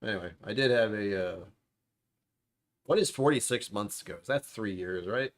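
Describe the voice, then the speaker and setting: A man's voice: lowish voice, moderate pace. A man hosting a casual livestream from home, rambling and sarcastic with self-deprecating asides. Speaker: livestream host. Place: at home, dishwasher running nearby.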